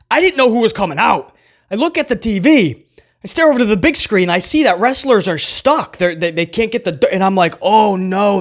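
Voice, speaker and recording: A man hosting a wrestling recap show, talking loosely and chattily to viewers and often tossing in "man". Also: high-pitched. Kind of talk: casual solo recap commentary.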